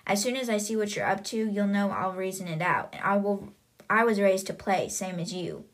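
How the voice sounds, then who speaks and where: A woman's voice: medium pitch, moderate pace, close to an everyday voice. A woman reading the lines of a stern, guarded young man from a novel, cool and formal.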